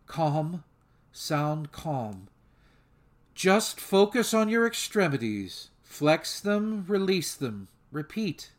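Man doing a calm soothing woman therapist. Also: fairly high pitch, extremely slow, pitched above the performer's own voice, heavily acted. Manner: soothing, reassuring.

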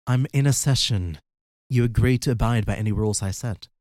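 A man voicing a firm, measured woman therapist in an audiobook. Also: mid-range voice, darkish tone, no echo, clean studio sound, natural voice.

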